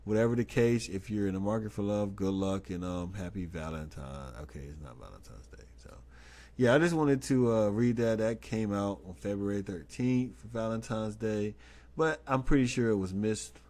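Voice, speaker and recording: A man's voice: fairly low pitch, normal speed, mellow. A man hosting a casual live stream, reading an article aloud and breaking off into incredulous, stammering asides. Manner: frequent stammered restarts. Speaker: host.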